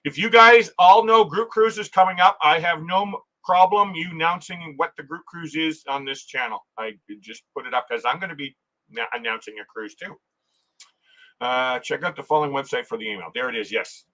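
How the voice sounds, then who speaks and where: A man's voice: on the high side, normal speed, sharp tone, low-quality recording. A man hosting a casual travel livestream, reading viewer comments aloud, chatting and laughing often, restarting his sentences. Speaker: livestream host.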